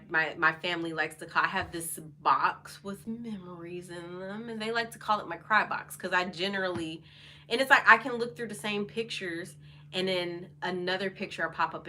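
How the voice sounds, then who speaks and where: A woman with a bright, forceful voice, pitched a little low, talks openly to camera in a loose, chatty way. Her speech is full of fillers and restarts as she hosts her own relaxed vlog. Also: slight background noise. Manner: candid and chatty, many fillers. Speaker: vlog host. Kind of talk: casual personal talk over wine.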